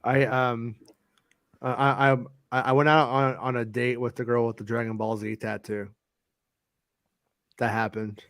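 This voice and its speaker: A man's voice: medium pitch, little pitch movement, fairly bright tone, dry recording, studio quality. A man hosting a podcast, chatting casually with swearing and frequent laughs. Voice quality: swears freely, quick laughs. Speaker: podcast host. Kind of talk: casual profane banter.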